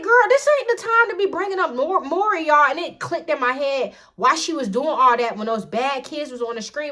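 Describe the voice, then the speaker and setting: A young adult woman vlogger shares a personal storytime casually with her viewers in a high, bright, forceful voice. She's chatty and digressive, repeatedly addresses her audience, and says "y'all" constantly.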